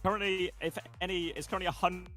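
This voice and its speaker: A man's voice: high-pitched, level tone, quick pace, pushed and bright, soft background music. A man co-casting a stream, teasing and laughing often in casual chat. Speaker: co-streaming esports caster.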